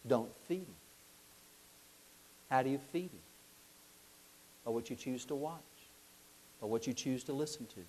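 A middle-aged man preaching a sermon, telling a lively story, acting out voices and asking his listeners questions. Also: medium pitch, measured pace, long pauses, slight background noise.

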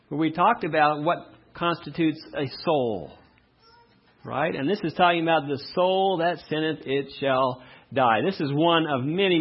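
Male pastor, sermon, slow loud scripture reading, quiet asides, raspy voice, muffled recording. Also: a little high. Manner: reads verses slowly and loudly, then drops to a quiet aside.

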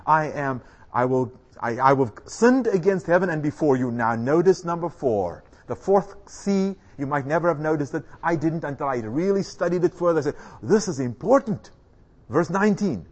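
A man's voice: a little high, animated, normal speed. A middle-aged man preaching a sermon, emphatic, asking the audience questions and repeating key words. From South Africa.

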